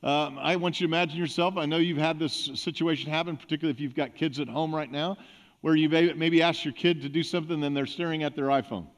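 A man with a notably high-pitched voice delivers a church sermon. He talks in a relaxed, conversational way and acts out small everyday scenes to make his points. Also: fast. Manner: conversational preaching with acted-out examples. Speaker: pastor. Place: church sanctuary.

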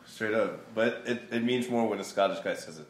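A man's voice: fairly low pitch, brisk, echoey room, a little hiss or hum. A man co-hosting a podcast in crude, laughing casual chat. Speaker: podcast co-host.

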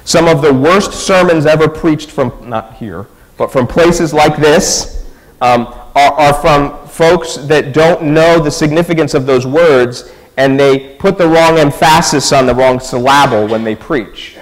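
A man preaches in a church sanctuary with the acoustics of a large hall. His fairly high voice moves at a moderate pace as he talks conversationally and often throws rhetorical questions to the people listening.

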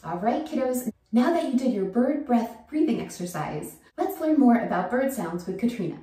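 Mellow woman host, echoey and distant. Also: a little high, sing-song, normal speed. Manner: upbeat, addresses kids directly. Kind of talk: children's show hosting. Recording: distant echoey room with faint music.

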